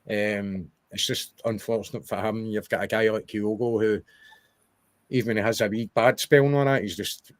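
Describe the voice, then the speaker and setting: A man's voice: lowish voice, no room sound. A young Scottish man co-hosting a podcast, chatting casually and rambling about football. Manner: chatty, rambling with restarts and wee asides. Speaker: podcast co-host.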